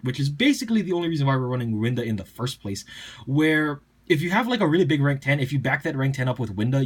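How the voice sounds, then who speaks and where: A young man casually walking through his card game deck list, chatty and full of fillers and quick asides. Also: a little high, husky. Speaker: deck profile presenter.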